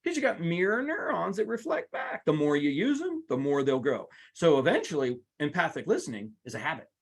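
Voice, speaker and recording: A man leads a live seminar in a lively, up-and-down voice that sits a touch high for a man. He speaks straight to the room and breaks off for playful asides. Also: a little fast, creaky, breathy edge. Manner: animated, talks to the audience, playful asides. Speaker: workplace trainer.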